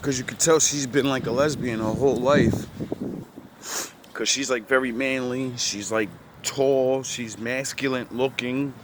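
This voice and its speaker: A man's voice: medium pitch, fairly even intonation, unhurried, noisy background. A man in casual chat, telling a rambling story full of profane street slang.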